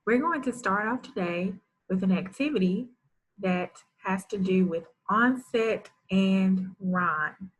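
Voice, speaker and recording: A woman's voice: mid-range voice, slow, breathy edge, low-quality recording. A woman teaching a first grade reading lesson, carefully sounding out word parts and praising the children. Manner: enunciates sounds carefully, warm praise for pupils. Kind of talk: slow, deliberate reading lesson for young children.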